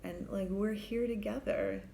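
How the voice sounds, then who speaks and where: A woman's voice: mid-range voice, fairly even intonation, measured pace, vocal fry, dark tone, a little hiss or hum. A middle-aged woman, a family therapist, telling a personal story in a candid, reflective, conversational way.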